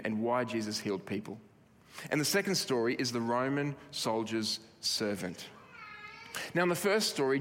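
A man's voice: mid-range voice, a bit bright. A man preaching a sermon in an earnest, emphatic way, often restarting his phrases. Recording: long hall reverb.

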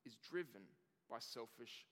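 A man's voice: medium pitch, expressive, a little slow, a bit bright, big-room sound. A man, perhaps in his thirties, preaching a sermon earnestly and building emphasis through long lists. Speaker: pastor.

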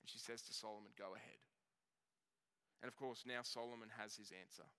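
A man preaching a sermon, telling the story in a conversational way and slowing down on key words. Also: medium pitch, fairly even intonation, sharp tone, clean tone. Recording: long reverb of a hall.

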